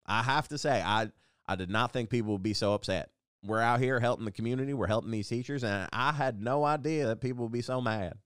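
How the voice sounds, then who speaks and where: A man's voice: mid-range voice, fairly bright tone, clear, resonant tone, dry recording, clean studio sound, natural voice. A man voicing a flustered male sports marketing staffer who stammers defensively through an apology.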